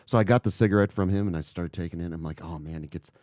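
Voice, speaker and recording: A man's voice: sits low, rapid-fire, a little mellow, no room sound, studio quality. A man co-hosting a podcast, telling a long story in casual chat and swearing freely. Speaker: podcast co-host.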